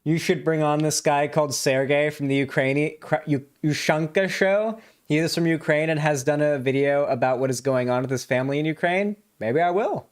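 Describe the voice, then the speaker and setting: Male streamer host, slightly high voice, rambling casual chat. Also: moderate pace, few pauses. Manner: rambling, full of fillers and restarts. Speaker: livestream host.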